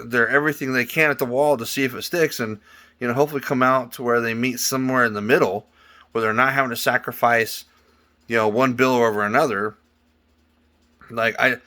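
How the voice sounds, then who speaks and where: A man's voice: mid-range voice, bright, forceful tone. A man giving an angry, profane political rant on his vlog, often repeating words as he works himself up. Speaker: vlogger.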